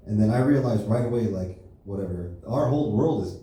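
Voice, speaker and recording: A young man doing a stand-up set at an open mic, delivering deadpan one-liners with lots of filler words. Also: on the low side, brisk. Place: comedy club stage. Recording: echoey club, distant mic, faint noise.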